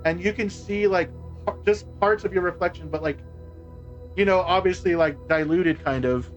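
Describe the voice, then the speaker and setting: A man's voice: high-pitched, normal speed, lo-fi sound. A man on a live stream telling a personal story in a rambling, casual way, full of "like" and restarts and some swearing. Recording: faint music behind. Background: faint music.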